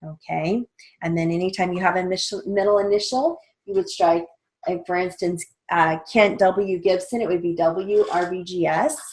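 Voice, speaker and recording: A middle-aged woman teaching steno theory, dictating sentences slowly and spelling out names letter by letter. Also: on the low side, darkish tone. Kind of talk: slow dictation and explanation.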